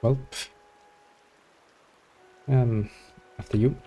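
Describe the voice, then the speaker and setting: A man's voice: mid-range voice, fairly even intonation, extremely slow, warm tone, a little hiss or hum. A man hosting a gaming video, chatting casually and in a laid-back, mumbling way over his gameplay. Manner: laid-back, mumbling, reads game text aloud.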